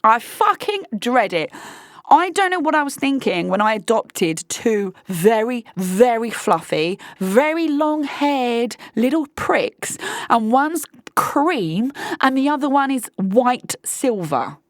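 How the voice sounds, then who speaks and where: A woman's voice: fairly high pitch, very animated, takes it slowly, no echo, clean studio sound. A woman hosting a casual monologue podcast, blunt and sweary, talking straight to her listeners. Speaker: podcast host.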